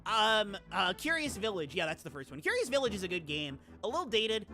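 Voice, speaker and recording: Excitable woman streamer gushing and giggling, voice swings all over, bright and chirpy. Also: mid-range voice, brisk, soft background music. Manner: excitable and gushing, laughs often, rambling asides. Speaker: VTuber streamer reacting to viewer game lists. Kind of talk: casual live-stream chat.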